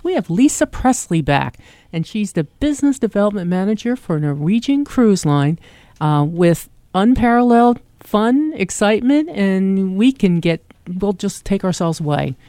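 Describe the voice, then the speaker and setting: A woman's voice: lowish voice, dark tone, dry recording. A woman with a South Jersey accent hosting a radio travel segment in an enthusiastic, chatty way. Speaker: radio show host, travel agent. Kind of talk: casual radio chat.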